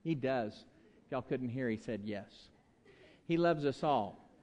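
Speaking a little slowly, in a medium-pitched, slightly mellow voice with lively intonation, a pastor leads a playful children's talk in a church sanctuary and gets the kids to echo his words. The highs are cut off, and a large church hall gives a long reverb.

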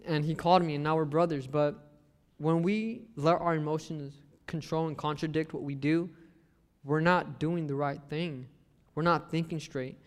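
A young man with a drawl talks through a sermon like a conversation, quoting scripture and dropping joking asides. His voice sits fairly high for a man. It rings out in a hall with long reverb. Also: steady tone, normal speed. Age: young adult. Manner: conversational, joking asides, acts out family quotes. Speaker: lay preacher. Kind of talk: casual sermon talk with scripture.

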